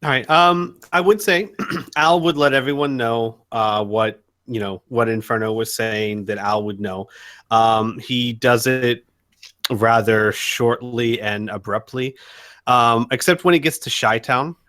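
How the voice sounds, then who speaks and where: A man describes his character in a tabletop game, thinking out loud. He pauses often and restarts his sentences, with a voice of middle pitch. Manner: hesitant, many ums and restarts. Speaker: player.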